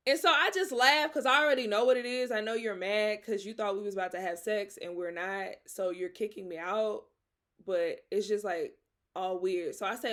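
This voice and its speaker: A young woman hosting a podcast, telling a story in a lively, dramatic way with slang and frequent laughter. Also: medium pitch, moderate pace. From Atlanta. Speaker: podcast host. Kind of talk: casual storytelling.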